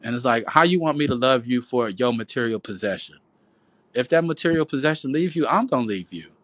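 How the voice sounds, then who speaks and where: A man's voice: medium pitch, animated, fairly quick, fairly bright tone, no echo. A man delivering a profane, rambling, sermon-like monologue on a phone livestream at home, calling his viewers "boo" and "y'all". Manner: profane, preachy, repetitive, calls listeners "boo" and "y'all". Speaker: livestream host.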